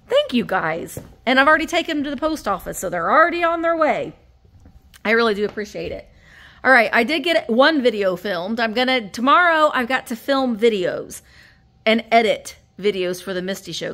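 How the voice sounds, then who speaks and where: A woman's voice: a little high, fairly bright tone. A woman who runs an antique shop, chatting casually as she shows her thrift finds in a vlog, gushing over cute items and tossing in playful asides. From Indiana. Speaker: antique shop owner and reseller vlogger. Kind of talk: casual show-and-tell vlog.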